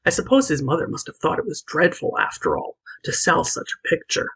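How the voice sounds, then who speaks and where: A woman's voice: deep voice, very animated, fairly quick, fairly bright tone, breathy edge, exaggerated voice. A woman reading aloud, voicing an earnest, pious young girl in a storybook. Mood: distressed. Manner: earnest, distressed.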